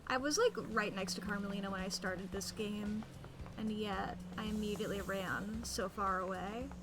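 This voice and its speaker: A woman's voice: mid-range voice, normal speed. Playful woman streamer with music behind. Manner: playful, rambling, hums silly noises. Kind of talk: casual gameplay commentary.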